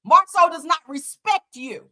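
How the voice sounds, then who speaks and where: A woman's voice: high-pitched, animated, measured pace, bright, forceful tone. A woman hosting a live show, giving blunt, profane commentary on reality TV and reading viewers' comments aloud. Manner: blunt, profane, emphatic, often laughing. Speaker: host.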